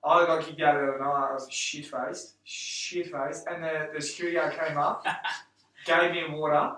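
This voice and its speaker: A man's voice: fairly high pitch, little pitch movement, brisk, a bit bright. A man hosting a casual podcast chat, joking and laughing as he talks. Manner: laughing, jokey asides. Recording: very echoey room, distant mic.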